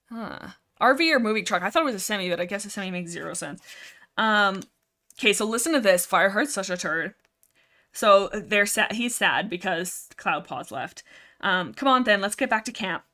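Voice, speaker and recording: Young woman livestream host, rambling and animated, casual chat with read-aloud bits. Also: medium pitch. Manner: chatty, rambling, animated reactions, reads book excerpts aloud.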